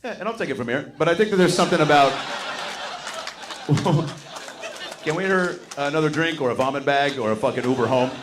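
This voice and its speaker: A man's voice: a little high, fairly quick, long pauses, background noise. A male stand-up comedian doing crowd work, teasing and quizzing audience members with profanity.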